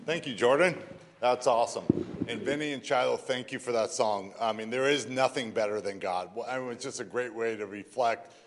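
A man's voice: mid-range voice, fairly quick, noisy background. A man giving church announcements in a chatty, rambling way, choked up with emotion. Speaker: announcements speaker.

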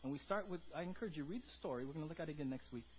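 A pastor giving a conversational sermon, often tagging points with "right?" and moving between loud emphasis and quiet asides. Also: male voice, a little high, animated, very fast, lo-fi sound, a little hiss or hum.

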